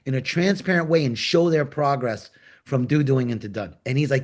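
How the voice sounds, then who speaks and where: A man from New York leads a panel discussion. His pitch swings widely as he tells stories and acts out the voices of the people in them. He sits at a middling pitch and speaks in a conversational way. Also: a little fast. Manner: animated storyteller, acts out quoted dialogue. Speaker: agile coach and panel host.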